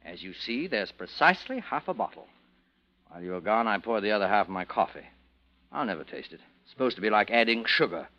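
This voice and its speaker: A man's voice: on the low side, very animated, fast. An actor playing a bitter, sardonic husband who taunts his wife, in 1940s radio acting. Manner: cold, mocking, theatrical. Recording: dull old radio recording.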